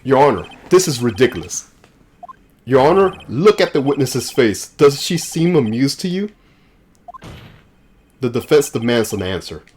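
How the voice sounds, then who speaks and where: A man's voice: mid-range voice, big pitch swings, moderate pace, long pauses, a little mellow, a little hiss or hum, close to an everyday voice. A man voicing an earnest young male defense lawyer in a game playthrough, determined and accusing.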